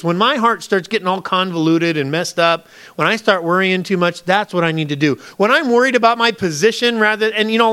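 High-voiced man preaching a sermon. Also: a bit bright. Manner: acts out prayers to God in a higher, pleading voice; conversational, addresses the congregation as folks. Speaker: pastor.

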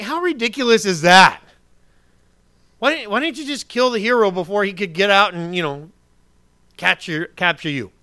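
A man preaching a sermon in a conversational way, asking his congregation questions and swinging from loud emphasis to quiet asides. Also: high-pitched, clean tone, no echo. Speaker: pastor.

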